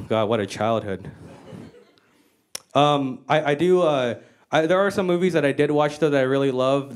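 Woman comic on stage, animated, sweary and mock-exasperated, stage mic. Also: low voice, slight background noise. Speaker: stand-up comedian. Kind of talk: stand-up comedy set. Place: comedy stage.

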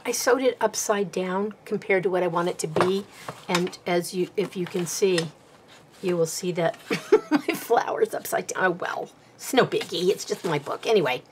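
A woman's voice: lowish voice, normal speed, slight background noise. A woman casually talking through a bookbinding craft project as she works, chatty and self-deprecating, a little out of breath. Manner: chatty and self-deprecating, talking while working with her hands. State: slightly out of breath. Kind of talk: casual craft tutorial chat.

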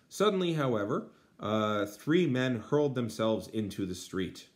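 Man teacher, translating a text aloud, lots of fillers, low voice. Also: animated, normal speed. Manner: many uh fillers, dry asides. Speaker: Latin teacher.

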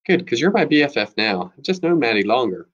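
A man's voice: medium pitch, very animated, fairly quick, slightly rough, lo-fi sound, pitched above the performer's own voice. A man voicing an earnest, loyal middle-school girl in a read-aloud chapter book. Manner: earnest, pleading.

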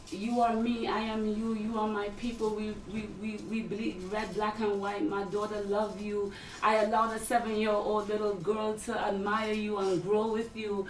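Mom gushing on a stream, choked up, stumbles over words, echoey far-off sound. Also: female voice, mid-range voice, a little hiss or hum. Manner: emotional, halting, repeats words. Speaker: mother of a fan. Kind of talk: emotional live-stream conversation.

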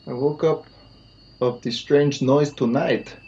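A man's voice: medium pitch, fairly even intonation, takes it slowly, mellow, dull audio, a little hiss or hum. A man voicing a frightened note writer in an overdone fake Russian accent.

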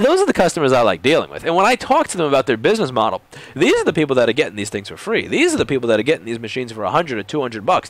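A blunt, profane man who runs a repair shop, ranting casually to the camera. His pitch swings widely and sits a bit high. The sound is dry and close, with no room echo. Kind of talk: casual rant vlog.

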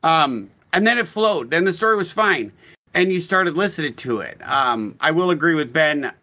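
A man with a fairly high, bright and forceful voice chats casually as a podcast co-host. He rambles, swears freely and cuts himself off mid-thought. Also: lively intonation, normal speed. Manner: rambling, profane, self-interrupting. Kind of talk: casual book discussion.

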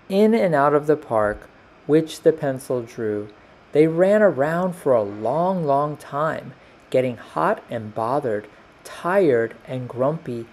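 A man reading a children's picture book aloud, slowing down and lifting his voice for the characters' lines. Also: medium pitch. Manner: slow, lively character voices in dialogue. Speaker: storyteller.

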